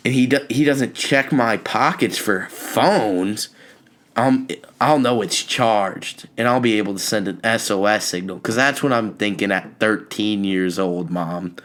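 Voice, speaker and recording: A young man hosting a podcast, telling a comic story in an animated, exasperated rant with sudden high-pitched outbursts. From California. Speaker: podcast host. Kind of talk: comedic storytelling monologue.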